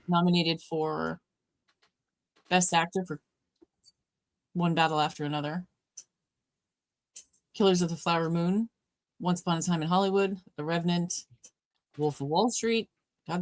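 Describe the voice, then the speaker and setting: A woman's voice: sits low, dry recording. A woman co-hosting a livestreamed movie watch party, chatting casually, laughing often and trailing off mid-sentence. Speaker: livestream co-host.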